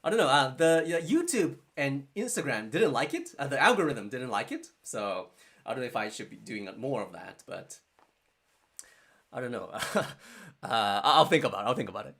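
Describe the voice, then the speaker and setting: A man's voice: medium pitch, very animated, creaky, a bit bright. A man from Japan, hosting a casual live-stream course and answering questions while often stopping to search for words. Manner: halting, searching for words, frequent restarts. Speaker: online course host.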